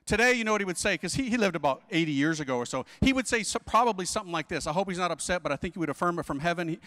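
Lively, bright-voiced slangy priest preaching. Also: male voice, high voice, racing, hardly any pauses. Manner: slangy, emphatic, rhetorical questions. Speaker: Catholic priest giving a conference talk. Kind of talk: energetic preaching. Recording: hall reverb.

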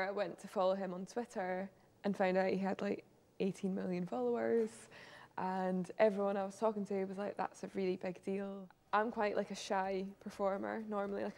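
A woman's voice: mid-range voice, level tone, normal speed, creaky, a little mellow. A woman in her twenties, a singer-songwriter, chatting in a laid-back way in an interview. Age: 20s. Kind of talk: relaxed interview.

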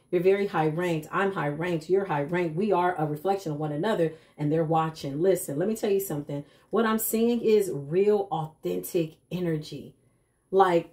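A woman's voice: lowish voice, darkish tone. Chatty woman giving a tarot reading. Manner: chatty, emphatic, slangy asides. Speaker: tarot reader. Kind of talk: casual tarot reading to camera.

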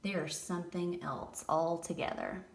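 A middle-aged woman, gushing over a bath product demo and shifting between hushed whispers and excited exclamations. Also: fairly low pitch, normal speed, vocal fry. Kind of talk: casual demo commentary. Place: bathroom by a tub. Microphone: handheld camera held away. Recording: echoey bathroom, mic at a distance.

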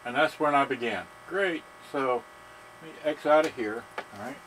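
A man walks through a stereo he has serviced, in a casual demo. His voice is bright and forceful, with a faint electrical hum behind it. He talks in halting bits and thinks aloud as he works. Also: medium pitch, poor audio. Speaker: seller demonstrating a serviced stereo. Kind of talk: casual product demonstration.

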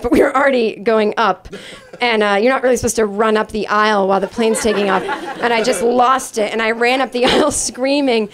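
A woman with a slightly high voice tells a rambling, self-deprecating stand-up story, padding her lines with fillers. She is recorded live in a comedy club. Faint audience laughter runs underneath. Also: fairly quick, crowd noise.

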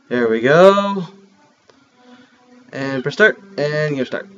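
A man chats through a video game with excitable, joking energy that breaks into sudden loud outbursts. His voice sits a bit high for a man, and he takes his time between remarks. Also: slow pace, muffled recording, soft background music. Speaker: let's play host. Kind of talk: casual gameplay commentary.

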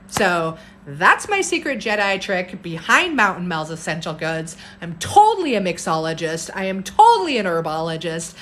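A woman's voice: on the low side, a bit bright, a little hiss or hum. A woman herbalist chatting casually on a live stream, bubbly and talkative, reading out viewer comments. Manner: bubbly, chatty, laughs often, reads viewer comments aloud.

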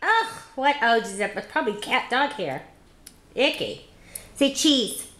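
Woman on a home video, slow and high-ish, coaxing sing-song baby talk, echoey room. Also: sing-song, a bit bright. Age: adult. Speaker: caregiver filming a toddler. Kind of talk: home video, talking to a toddler.

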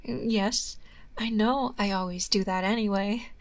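A young woman playing a shy, obsessive yandere girlfriend in a whispered role-play, soft and sweetly doting, close on a binaural mic. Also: medium pitch, steady tone, unhurried, lightly acted.

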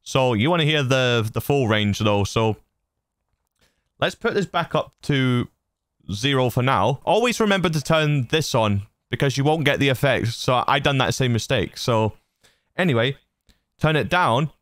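At a normal speed and in an animated, medium-pitched, slightly bright voice, a host gives a casual walkthrough of the voice effects on his audio mixer. He chats and laughs at his own silliness, recorded on a studio broadcast mic without echo.

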